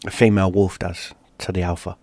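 A man from London, a gaming streamer, telling a personal story in a lively, profane way. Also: sits low, a little fast, no room sound. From London, England. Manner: animated, profane, acts out shouted quotes.

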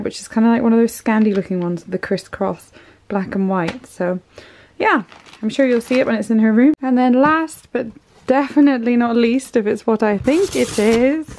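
A young woman from the UK chatting warmly about parcels in a casual home vlog, gushing over each item. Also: fairly high pitch, a little hiss or hum. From United Kingdom. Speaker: parenting vlogger. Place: home, indoors.

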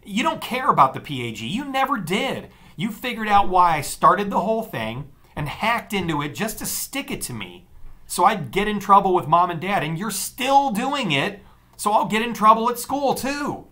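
A man's voice: high-pitched, big pitch swings, normal speed, pushed and bright, pitched above the performer's own voice, exaggerated voice. A man voicing a furious teenage boy ranting at his sister in an audiobook. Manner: ranting, raw. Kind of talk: audiobook dialogue.

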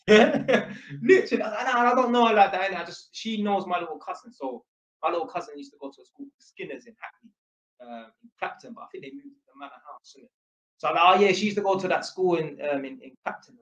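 A man's voice: sits high, lively intonation, fast. A man telling a story in casual, sweary street slang, an electrician chatting to camera. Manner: slangy and sweary, full of innit and fam. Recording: echoey room.

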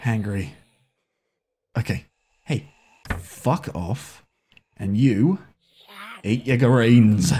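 A gaming video host with a mid-range, mellow voice talks very slowly with long pauses as he nervously plays a horror game, and there's a faint hiss or hum. He swears often and his voice leaps up when startled. He coaxes and scolds the characters on screen.

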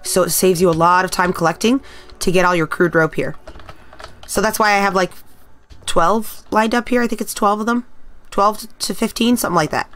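A middle-aged Canadian woman with a medium-pitched, slightly bright voice chats casually with her viewers as she streams a video game. She speaks at a normal pace, rambling and talking directly to her chat in a let's-play style.

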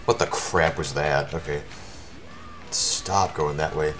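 A man giving live commentary over his own speedrun, his voice worn from shouting, talking at the game in exasperated outbursts. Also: rumbling low, fairly even intonation, slow pace, music in the background.

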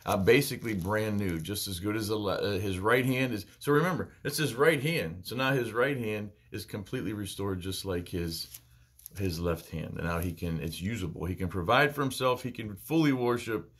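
A man's voice: on the low side, normal speed, a bit bright, slightly rough. A man leading a casual Bible study who talks earnestly and plainly and repeats words for emphasis.

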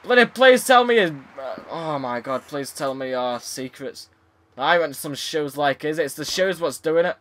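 Frustrated gamer, high bright voice. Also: male voice, animated, measured pace. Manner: frustrated, swearing, sarcastic. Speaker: gaming YouTuber. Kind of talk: let's play commentary.

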